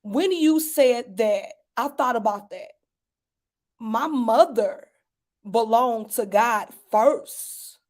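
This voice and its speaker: A woman hosting a heartfelt panel over a video call, her voice sitting on the higher side. She talks with fervent, preacher-like repetition and builds emphasis phrase by phrase. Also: animated, slow pace, a little mellow. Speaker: host of a grief panel. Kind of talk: emotional panel discussion.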